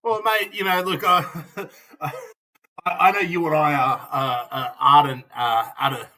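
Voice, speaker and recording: An Australian man co-hosts a casual sports podcast, chatting and laughing often, with plenty of fillers like "look" and "mate." His voice is a little high, bright and forceful, with fairly even intonation at a measured pace. The recording is rough, with slight background noise.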